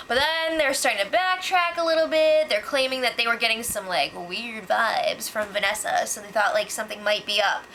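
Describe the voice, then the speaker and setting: Chatty young woman with a bright voice. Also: a little high, brisk, hardly any pauses, a little hiss or hum, rough recording. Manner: chatty, sarcastic, lots of "like" and "um". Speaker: reality show recap host. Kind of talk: casual gossip recap.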